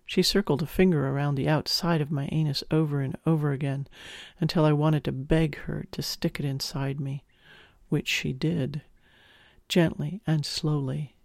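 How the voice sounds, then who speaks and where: Male audiobook narrator, first person, intimate and expressive, gravelly edge, dead-dry close mic. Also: on the high side, moderate pace, dry recording.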